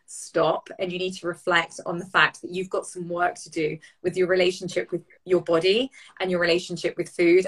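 A woman's voice: fairly low pitch, a bit bright, low-quality recording. A woman chatting casually as a coach on a podcast, with lots of fillers and playful asides. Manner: chatty, frequent fillers, voices inner thoughts playfully. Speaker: coach and co-host.

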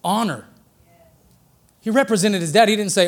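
A man preaching a sermon with a notably high voice. He talks in a relaxed, joking way and builds up excitedly when he drives a point home. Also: normal speed. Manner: conversational and joking, rising excitedly for emphasis.

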